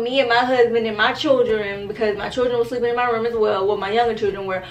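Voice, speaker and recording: A young woman, telling a story to her viewers in an animated, profane, casual way. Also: a little high, quick pace, hardly any pauses, roomy sound, faint music behind, poor audio. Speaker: storytime vlogger.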